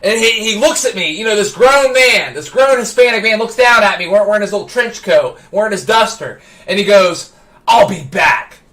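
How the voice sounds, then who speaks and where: High, bright-voiced male streamer. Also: a little fast, hardly any pauses. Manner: excitable, stammering restarts, builds to shouting. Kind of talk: animated anecdote telling.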